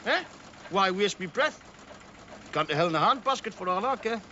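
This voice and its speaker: A man's voice: high-pitched, animated, moderate pace, bright, forceful tone, slight background noise. A fed-up, blunt foreman. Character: weary grumbling middle-aged male foreman. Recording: dull TV soundtrack.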